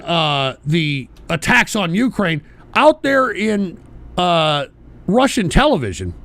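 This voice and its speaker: A man hosting a political talk show with a gravelly, high voice. He rants in a combative, foul-mouthed way and keeps circling back to the same tag phrases. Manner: profane, combative ranting with frequent shouting; repeats "all right?" and "for Christ's sake". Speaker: radio show host. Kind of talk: political call-in rant.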